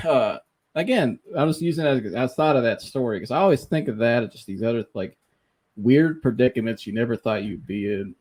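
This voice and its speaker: Dude on a podcast telling a crazy story, keeps laughing, does little voices for people, mid pitch. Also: male voice, brisk, husky. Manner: animated storyteller, laughs often, mimics people he quotes. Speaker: podcast host. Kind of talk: casual storytelling.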